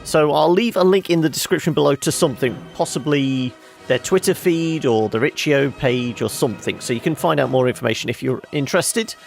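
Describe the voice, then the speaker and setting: Chatty game commentator, gravelly voice. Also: male voice, fairly high pitch, brisk. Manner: chatty, wraps up with asides. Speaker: game video host. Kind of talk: casual let's play commentary. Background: game music.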